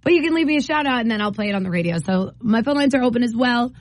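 A woman's voice: a little high, animated, racing, dry recording. A woman hosting a morning radio show, chatting casually and laughing often between bits. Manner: chatty, laughs often, repeats phone number. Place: radio studio.

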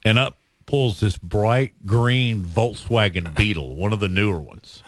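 A man's voice: lowish voice, a little slow. A male radio host reminiscing on air in a casual, storytelling way, chuckling and drawing out his punchlines.

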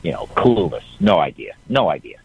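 A man's voice: deep voice, big pitch swings, a little fast, a little mellow, slightly rough, poor audio. An older man calling in to a radio show, telling a rambling family story with chuckles. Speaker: caller, guest's father. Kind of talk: phone-in storytelling.

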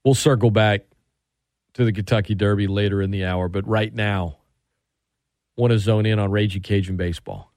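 A man hosting sports talk radio, excitable and animated, often restarting his sentences. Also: on the low side, moderate pace, pauses often, no room sound, studio quality.

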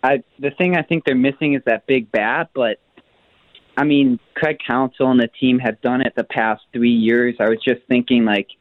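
A man's voice: mid-range voice, fairly even intonation, normal speed, no echo. A man calling in to a radio show, rambling and hesitant with many fillers, over a tinny phone line. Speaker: caller. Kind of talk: casual call-in chat.

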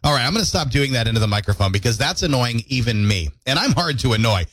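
A man hosting a morning radio show, chatty and jokey, his throat squeaky from allergies. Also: animated, fast talker, a bit bright, no room sound. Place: radio studio.

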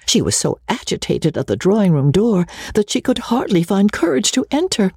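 A narrator reading a classic novel aloud, expressive with ironic asides. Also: medium pitch, moderate pace, vocal fry, husky, no echo, clean studio sound. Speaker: audiobook narrator.

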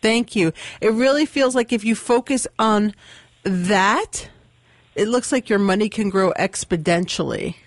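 A woman giving psychic readings to callers on a radio show, brisk and upbeat. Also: medium pitch, no echo. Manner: brisk, upbeat, laughs often. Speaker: psychic reader. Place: radio studio.

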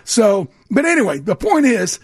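Older male ex-player co-host, husky high voice, dry studio mic, animated storyteller. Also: moderate pace, dry recording. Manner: animated storyteller, acts out quoted voices, restarts often. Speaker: radio co-host and former pro football player. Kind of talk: casual sports radio storytelling. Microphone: studio microphone.

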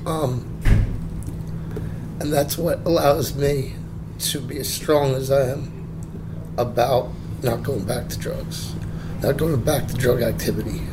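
A man in recovery from addiction, speaking slowly and haltingly, audibly emotional as he gives a candid personal account. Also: medium pitch, heavy background noise. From New Jersey. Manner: halting, slow, pausing often with ums. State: emotional, voice close to breaking.

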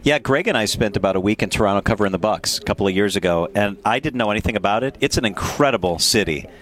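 A man's voice: on the low side, a bit bright. A man hosting a radio talk show, chatting casually and with enthusiasm. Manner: enthusiastic, quick to agree. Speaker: radio host.

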